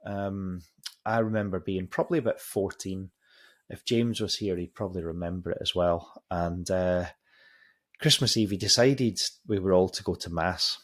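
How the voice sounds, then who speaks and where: Husky low-voiced man telling a story. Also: normal speed. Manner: swears freely, rambling with restarts. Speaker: podcast host. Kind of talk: casual storytelling.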